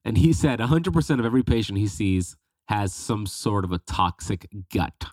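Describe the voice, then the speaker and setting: A man's voice: fairly low pitch, lively intonation, moderate pace, a little mellow, dry recording. A man hosting a podcast, introducing the episode with enthusiasm while congested from a head cold. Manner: enthusiastic, upbeat. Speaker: podcast host.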